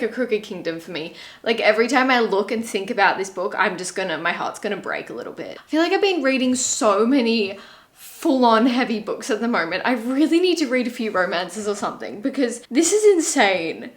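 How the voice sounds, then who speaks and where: A young woman vlogging about books in a casual, rambling way, openly emotional and gushing about what she reads. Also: mid-range voice. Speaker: book vlogger. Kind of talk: casual reading vlog.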